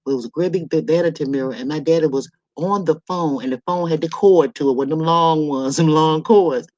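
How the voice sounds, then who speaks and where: A woman's voice: deep voice, brisk, a little mellow, no room sound. Middle-aged lady livestreaming off her laptop at home, telling stories and cussing, dull dry audio. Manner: chatty storyteller, swears, addresses viewers. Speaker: livestream host. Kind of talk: casual livestream chat. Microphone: laptop microphone.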